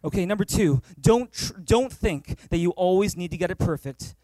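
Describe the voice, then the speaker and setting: A man's voice: high voice, animated, normal speed, dark tone, dry recording. A male pastor preaching a sermon at a church service, emphatic and repetitive, calling for amens.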